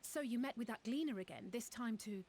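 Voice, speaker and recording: An actress playing an inquisitive woman in a video game, heard quiet and distant. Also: a little high, a little fast, slight background noise, lightly acted. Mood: curious. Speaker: game character.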